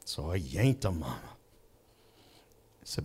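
A man preaching in a church, telling a personal story slowly with dramatic pauses. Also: a little high, lively intonation. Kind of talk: sermon with personal testimony. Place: church sanctuary.

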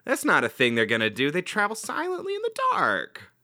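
A man's voice: a little high, huge pitch swings, fairly quick, bright, forceful tone, no echo, clean studio sound. A man co-hosting a casual podcast chat, joking and laughing often, with hedges and restarts. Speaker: podcast co-host.

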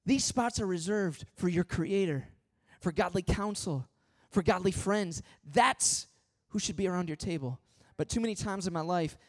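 A man preaching a sermon as pastor, swinging from loud pleading questions to hushed, earnest appeals. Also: high voice, lively intonation, normal speed, few pauses.

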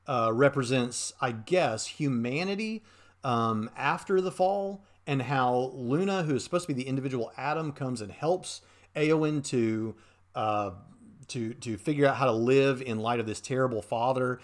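A man hosting casual commentary on a clip he has just played. He argues earnestly and thinks aloud in a steady mid-range voice. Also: mid-range voice, measured pace. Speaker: host.

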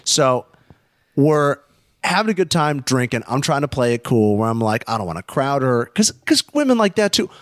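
A man in a casual podcast chat, telling a profane party story and acting out the shouting people in it. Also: mid-range voice, moderate pace, dry recording, clean studio sound. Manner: profane, animated, acts out shouting voices.

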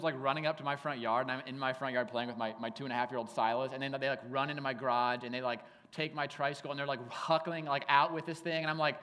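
A man in his thirties preaching a sermon in a casual, animated way, telling stories with lots of "like". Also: medium pitch, quick pace. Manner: casual, animated storytelling with frequent "like". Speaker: pastor. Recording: hall reverb.

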